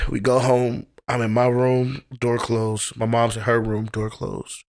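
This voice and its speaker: A man's voice: medium pitch, little pitch movement, a little slow, hardly any pauses. A young adult man, a poet and teacher, talking on a podcast as a guest and telling personal stories candidly and with feeling. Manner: candid, heartfelt storytelling with casual profanity. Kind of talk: casual podcast conversation.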